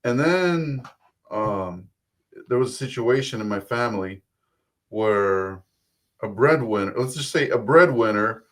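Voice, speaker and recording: A man's voice: fairly low pitch, lively intonation, unhurried. A man in his thirties with an Eastern European accent, a guest telling his story in a loose, rambling, self-deprecating way. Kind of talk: casual interview chat.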